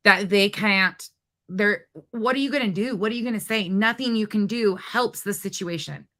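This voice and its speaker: Speaking at a moderate pace in a mid-range voice, a woman hosts a reaction commentary with a bright, forceful tone. Indignant and blunt, she rants with swearing and mocking sarcasm.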